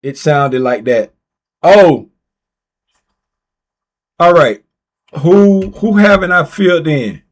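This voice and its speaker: A man with a notably high voice chats loosely on a livestream. He reads viewers' names and questions out loud, often saying things twice. He teases the audience in a relaxed, offhand way. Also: slow, pauses often. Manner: reads viewer names aloud and repeats himself while typing; playful, teasing. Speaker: livestream host running a giveaway. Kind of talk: casual livestream chat.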